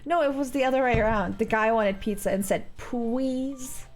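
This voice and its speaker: A woman's voice: fairly high pitch, fast, faint music behind. A woman livestreaming from home, chatting casually with viewers in a rambling, giggly way full of fillers. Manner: rambling, giggly, thinks aloud with many fillers. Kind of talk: casual chat with live viewers. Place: home, indoors.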